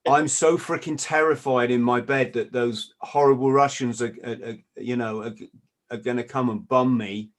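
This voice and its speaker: A man's voice: medium pitch, fairly even intonation, moderate pace. A man hosting a podcast in casual discussion, often stammering and restarting, with sardonic asides. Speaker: podcast host.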